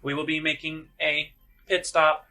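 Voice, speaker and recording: A man voicing a starship's public address announcer making a slow, formal announcement in a tabletop game. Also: a little high, completely flat delivery, bright, forceful tone, voice pushed up, poor audio.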